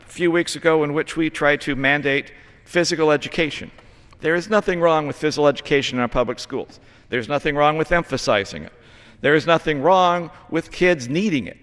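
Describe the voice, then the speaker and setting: A man's voice: on the high side, fairly bright tone. A middle-aged man from Utah giving a formal floor speech as a congressman, earnest and lecturing, with emphatic stresses. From Utah, United States. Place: large legislative chamber. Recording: reverberant chamber sound.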